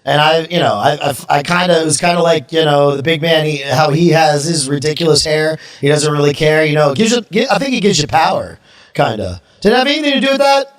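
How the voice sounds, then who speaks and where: A man's voice: fairly high pitch, brisk. A man from Florida hosting a podcast, brash and irreverent, rambling in casual crude chat. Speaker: podcast host.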